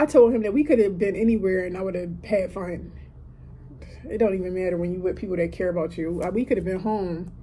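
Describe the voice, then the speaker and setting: A woman's voice: mid-range voice, dark tone, a little hiss or hum. A woman in her thirties talking casually and emotionally about gratitude from a hotel room, with asides like "listen" and "okay". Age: 30s. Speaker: podcaster. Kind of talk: casual heartfelt monologue.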